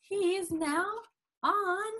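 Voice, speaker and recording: A woman reading a picture book aloud to a child, slow and expressive, with gasps and prompting questions. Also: extremely high pitch. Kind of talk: storybook read-aloud.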